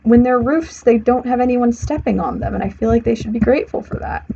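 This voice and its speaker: A young woman's fairly high, gravelly yet warm voice moves fairly quickly as she streams a building game. She chats to herself casually, frequently catching and correcting her own sentences. The audio is slightly muffled with a faint hiss.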